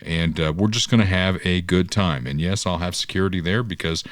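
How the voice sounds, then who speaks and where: A man's voice: deep voice, brisk, no room sound. A middle-aged man hosting a podcast in a folksy, upbeat way, chatting and reading sponsor plugs like a salesman. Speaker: podcast host and local political candidate. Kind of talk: casual podcast talk with sponsor reads.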